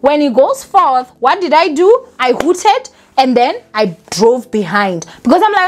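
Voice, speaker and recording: A young adult woman vlogger telling a personal story casually, with animated asides to her viewers. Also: high voice, unhurried, hardly any pauses.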